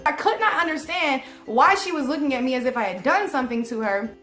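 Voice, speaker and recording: A young woman telling a storytime vlog in an animated, slangy and profane way. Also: sits high, fast talker, hardly any pauses, soft background music. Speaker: vlogger. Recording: echoey room.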